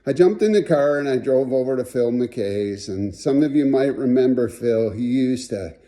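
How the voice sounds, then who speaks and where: Paying tribute to a late friend, a man tells funny stories, acting out the voices in each anecdote with folksy, animated flair. His voice is mid-range and his pace moderate.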